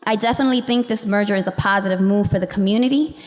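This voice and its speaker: A woman's voice: mid-range voice, racing. A young woman from Camden, New Jersey, reading a composed, prepared public comment at a school board meeting. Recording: reverberant hall.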